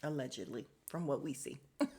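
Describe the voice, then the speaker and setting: A woman's voice: very deep voice, expressive, a little fast, gravelly, warm tone. A woman hosting a casual podcast, recapping a reality show bluntly and swearing freely. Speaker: podcast host.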